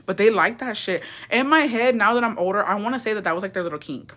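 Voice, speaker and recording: A young woman from Texas telling family stories in a casual chat, animated and profane, acting out what people said. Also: medium pitch, quick pace, hardly any pauses. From Texas, USA. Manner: profane, animated, gossipy, acts out quotes. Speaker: storyteller.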